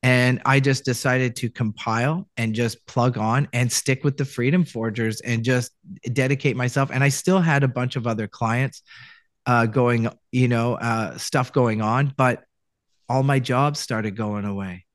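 Man from Canada, interview guest, rambling storyteller, mid-pitched voice, dry close sound. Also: steady tone, measured pace, no room sound. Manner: rambling, many restarts, acts out quoted lines. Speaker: voice actor guest.

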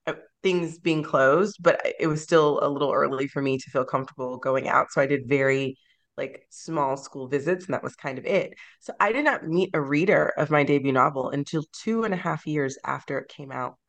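A woman author being interviewed on a podcast, speaking in a reflective, sentimental way and laughing easily. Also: sits low. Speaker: guest author.

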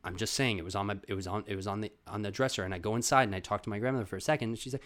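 A man's voice: lowish voice, very fast. Young man ranting in comic bits. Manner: swearing, animated, says "bro" and "dude". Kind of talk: comedic storytelling rant.

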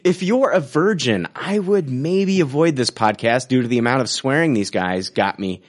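A man chats casually as a podcast co-host, reading out listener reviews. His pitch swings widely as he hams up the quotes and laughs along. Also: normal speed. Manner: animated, laughing, mock-dramatic review reading.

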